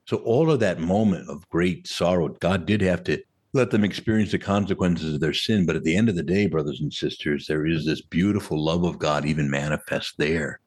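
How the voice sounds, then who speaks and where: Male Catholic priest, husky, animated sermon delivery, mid pitch, lively intonation. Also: moderate pace. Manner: animated, conversational preaching with rhetorical questions.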